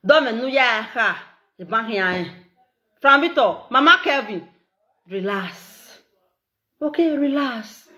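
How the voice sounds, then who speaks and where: A middle-aged Nigerian woman with an Edo accent, talking in a casual, animated, repetitive way and laughing often. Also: on the high side, slow pace, pauses often, muffled recording. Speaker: social media live streamer. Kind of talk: casual monologue in Pidgin and Edo.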